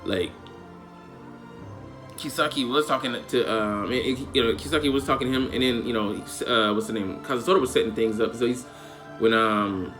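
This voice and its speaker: A man's voice: mid-range voice, moderate pace, a bit bright. A man giving a casual, emotional anime episode review, rambling in heavy slang with lots of fillers. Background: faint background music.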